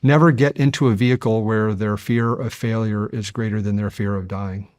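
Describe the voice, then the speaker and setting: A man in his fifties, a guest on an interview show, telling stories in a measured, earnest way and building to animated passages. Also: on the low side, dry recording, studio quality. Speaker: guest, deep-sea explorer. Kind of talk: conversational interview storytelling.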